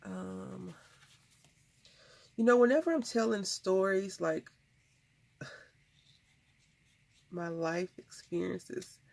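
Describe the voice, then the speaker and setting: A woman's voice: medium pitch, very slow, gravelly, long pauses, a little mellow. A woman hosting a craft video, chatting casually and rambling through stories as she works. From United States. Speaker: craft channel host. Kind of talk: casual chat while crafting.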